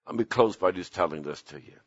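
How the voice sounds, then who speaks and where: An older man, a pastor, preaching an impassioned sermon whose pitch climbs suddenly at its peaks. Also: a little fast, slightly rough, no room sound, muffled recording.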